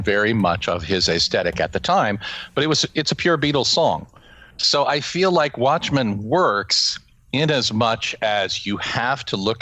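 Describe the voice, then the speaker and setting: A man's voice: on the low side, a bit bright, no room sound. A man in his forties hosting a casual comic book discussion, chatty and jokey with rambling restarts. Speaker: podcast host.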